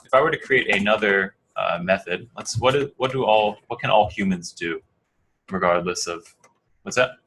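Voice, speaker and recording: A man's voice: fairly low pitch, moderate pace, fairly bright tone, slight background noise. A man from New Jersey with an American accent, teaching a coding class in a casual, rambling way, full of fillers and restarts, questions to the students. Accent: American English. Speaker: coding bootcamp instructor. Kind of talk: classroom lecture.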